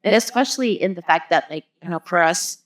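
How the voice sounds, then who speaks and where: A woman's voice: fairly low pitch, lively intonation, fairly quick. A woman, a guest on an interview show, explaining her ideas through long everyday analogies with frequent "like" and "you know". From US Midwest. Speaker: guest, marketing business founder. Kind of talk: casual interview chat.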